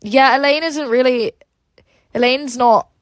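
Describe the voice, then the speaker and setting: A woman's voice: high voice, unhurried, dry recording. A woman hosting a casual livestream, reading chat aloud and rambling with lots of "like" and "um" fillers.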